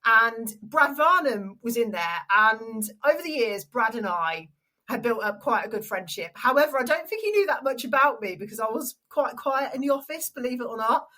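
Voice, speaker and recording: A young adult woman with an English accent, a stadium announcer and radio presenter telling an animated story in an interview. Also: a little high, moderate pace, rough recording. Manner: animated storyteller, acts out quoted voices.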